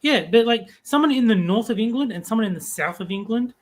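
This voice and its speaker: A man co-hosting a podcast, chatting casually with relaxed hesitations. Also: high voice, fast. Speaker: podcast co-host. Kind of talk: casual chat.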